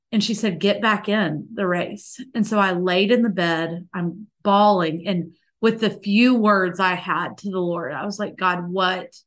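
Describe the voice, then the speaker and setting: A woman in her thirties, appearing as a podcast guest, shares a personal story in an earnest, tender manner, using "like" as a filler again and again. Her voice runs low but has a fairly bright tone, and the talk is heartfelt, conversational storytelling.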